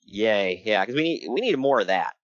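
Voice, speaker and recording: Man, podcast co-host, joking, laughing, lively pitch, muffled dry recording. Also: moderate pace, no room sound. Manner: joking, animated, laughs often. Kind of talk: casual chat recapping a wrestling show.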